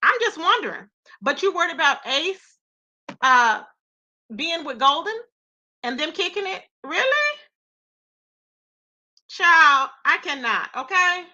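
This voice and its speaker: A woman's voice: extremely high pitch, sing-song, slow pace, long pauses, bright, forceful tone, dull audio. A woman hosting a live gossip commentary stream, reacting with incredulous rhetorical questions and greeting her chat. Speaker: commentary channel host.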